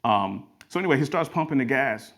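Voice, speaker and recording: A man's voice: mid-range voice, lively intonation, a little fast, a bit bright. A man telling folksy parable-like stories as a motivational talk, in a garage converted into a studio. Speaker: creative studio owner. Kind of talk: motivational storytelling.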